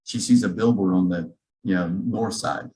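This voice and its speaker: A man, a physician, telling a story to a church gathering in a lively, joking way, acting out the dialogue. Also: sits low, moderate pace, poor audio. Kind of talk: storytelling talk to a church audience. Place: church auditorium.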